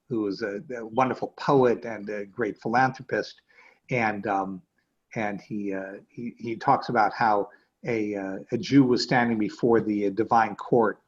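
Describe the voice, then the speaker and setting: Husky-voiced rabbi lecturing over video call. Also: male voice, on the low side. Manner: hesitant, many fillers and restarts. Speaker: rabbi teaching a class. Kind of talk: conversational lecture. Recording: dull lo-fi video call audio.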